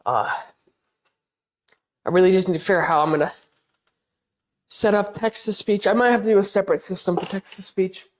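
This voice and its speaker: A woman's voice: medium pitch, fairly quick, pauses often. Woman streaming and just chatting w/ chat, rambly, restarts a lot, laughs at herself, painting while she talks. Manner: self-deprecating and laughing easily. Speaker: live streamer. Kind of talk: casual chat with a stream audience.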